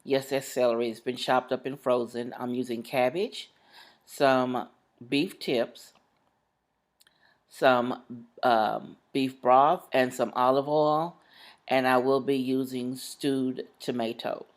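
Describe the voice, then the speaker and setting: Deep-voiced woman hosting a cooking vlog. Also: fairly even intonation, slow, rough recording. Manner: chatty, plain show-and-tell, small fillers. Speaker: cooking channel host. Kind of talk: casual cooking vlog narration.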